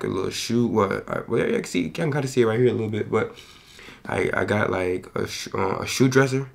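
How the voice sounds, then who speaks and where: A young vlogger at home talks fast to camera in a low voice with a gravelly rasp, his words tumbling out loose and full of slang like "you feel me." There's a little hiss or hum in the audio.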